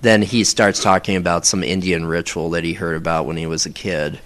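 A man with a fairly low voice chats in a relaxed interview. He talks haltingly, circling back and restarting his thoughts as he describes his own recordings. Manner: rambling, halting, many fillers and restarts. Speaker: audio performer interviewed about his work. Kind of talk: casual interview talk.

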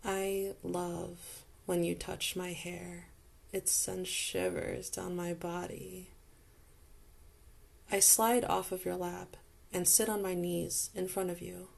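Slow, husky-toned woman narrating intimately. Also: fairly low pitch, little pitch movement, darkish tone. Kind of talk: second-person intimate audio role-play narration.

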